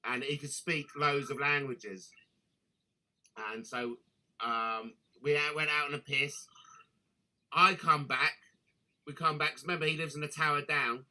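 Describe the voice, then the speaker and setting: Bright-voiced swearing man. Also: fairly high pitch, measured pace, pauses often, rough recording. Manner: swears constantly, animated storytelling. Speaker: live stream host. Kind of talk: crude anecdote on a live call.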